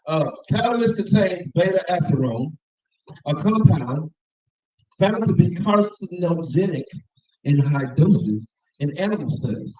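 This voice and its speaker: Guy leading a bible class, highish voice, reads then riffs, roomy far-off dull recording. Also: animated, a little slow, warm tone. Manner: reads aloud and comments, call-and-response. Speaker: class teacher. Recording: roomy, distant, dull sound.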